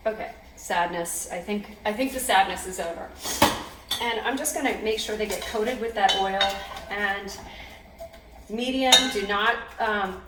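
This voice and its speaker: A woman hosting a casual cooking demonstration in her home kitchen, chatty and upbeat, teary-eyed from cutting onions and laughing at herself. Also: mid-range voice. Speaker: cooking video host. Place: home kitchen, roomy and echoey. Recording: echoey kitchen, mic far off, cooking noise. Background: clatter of knives, pots and dishes.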